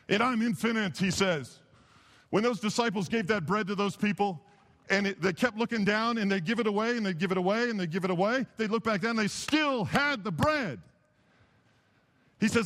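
Male pastor, fairly high voice, sermon delivery that moves from hushed to emphatic, long church reverb. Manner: impassioned, swings from hushed to emphatic. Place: church sanctuary.

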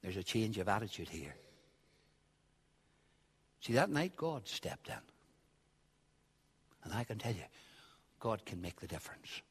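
A man preaching a sermon, swinging from quiet asides to loud, shouted passages. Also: fairly low pitch, sing-song, unhurried, pauses often, slightly rough. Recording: long hall reverb.

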